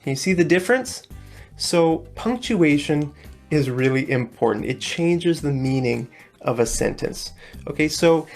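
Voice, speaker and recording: Woman teaching in a lesson video, low and unhurried, friendly explainer. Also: lively intonation, darkish tone, soft background music. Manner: friendly, repeats "okay" often, explains slowly. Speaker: English teacher. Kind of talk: recorded English lesson video.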